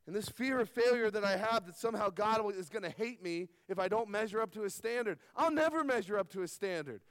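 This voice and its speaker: A middle-aged man preaching a sermon, stressing key words loudly and dropping to quiet asides. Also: sits high, animated, fast, no room sound. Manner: emphatic preaching that swings between loud stresses and soft asides. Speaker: pastor.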